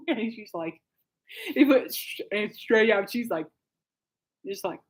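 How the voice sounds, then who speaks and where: A woman's voice: a little high, sing-song, slow pace, long pauses, fairly bright tone. A woman hosting her own podcast in a casual chat, rambling with lots of fillers and laughing often. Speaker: podcast host.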